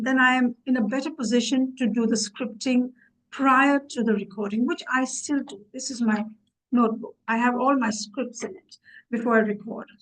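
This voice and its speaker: Woman, 60s, vlogger, casual talk to camera, earnest, fillers, slightly high voice. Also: low-quality recording. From USA. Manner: earnest, thinks aloud with many fillers. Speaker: YouTube vlogger.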